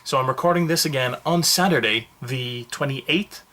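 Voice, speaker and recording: A man giving a casual, jokey movie review, telling the story in a rambling, animated way. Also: medium pitch, normal speed.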